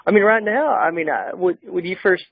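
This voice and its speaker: A man's voice: sits high, brisk, vocal fry, husky. A man from the American South with a mild Southern accent, hosting a casual interview and agreeing often in a friendly way. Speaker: podcast host. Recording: tinny phone line, dry.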